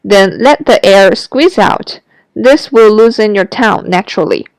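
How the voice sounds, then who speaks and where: A woman teaches pronunciation in a slow, measured lesson voice. Her tone is smooth and resonant, and each sound is set out with care. The recording is dry and close, with no room sound. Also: medium pitch, expressive, no echo, rough recording. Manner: clear, careful demonstration of sounds. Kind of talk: scripted language lesson.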